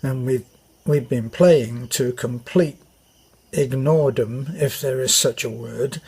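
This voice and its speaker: A man's voice: medium pitch, a little mellow, slightly rough. An older British man with a British accent telling a meandering army story with many fillers and restarts. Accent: British English. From Britain. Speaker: vlogger. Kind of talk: rambling anecdote.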